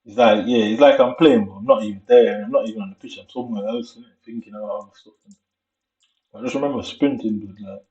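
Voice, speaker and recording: Speaking in a fairly low, slightly mellow voice, a young vlogger from Jamaica relays a long, rambling tale in a casual, slangy manner with his Jamaican accent, taking his time. The audio has an echoey room sound and a distant, dull mic.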